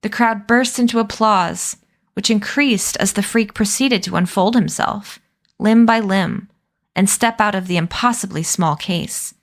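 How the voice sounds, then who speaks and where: Calm woman reading a novel aloud. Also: mid-range voice, a little slow. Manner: calm, steady storytelling.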